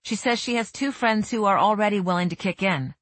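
A woman playing a middle-aged fundraiser from a storybook, polite and professional, lifting her voice a little. The tone is somewhat husky, recorded close and dry. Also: medium pitch, a little fast, fairly bright tone, dry recording, close to an everyday voice.

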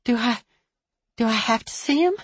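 A woman voicing a nervous grieving widow who speaks in a hushed, careful, faltering way. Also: a little high, lively intonation, normal speed, breathy edge, no room sound, pitched above the performer's own voice. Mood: pleading.

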